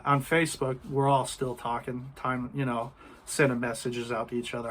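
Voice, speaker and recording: A man's voice: mid-range voice, level tone, moderate pace, fairly bright tone. A man from the United States, chatting casually and telling travel stories. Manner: storytelling, chatty. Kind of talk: casual chat.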